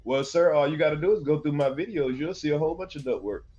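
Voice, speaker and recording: A man's voice: a little high, fast, mellow. Mocking man with a lo-fi voice. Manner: taunting, laughs between jabs, addresses viewers as sir. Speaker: host of a reaction channel. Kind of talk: mocking live commentary.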